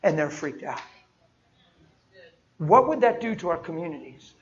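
A man's voice: on the high side, sing-song, unhurried. A male preacher giving a sermon in a folksy storytelling way, acting out everyday conversations. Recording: dull lo-fi recording.

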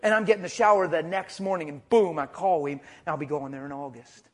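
A middle-aged man preaching a sermon, telling stories with hushed asides and loud bursts of emphasis. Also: high-pitched, fairly quick, hardly any pauses. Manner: storytelling, animated, swings between hushed asides and loud emphasis. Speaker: traveling preacher.

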